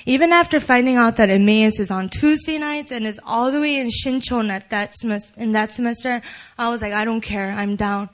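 A young woman reads her personal testimony aloud to a church congregation. Her voice sits a little high for a woman, and she speaks earnestly. Small nervous laughs slip in between her lines. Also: normal speed. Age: young adult. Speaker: church member giving testimony.

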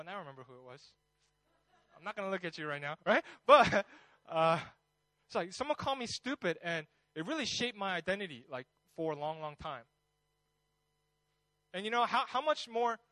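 Conversational male pastor with a high voice. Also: no echo, poor audio. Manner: conversational, animated storytelling. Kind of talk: sermon.

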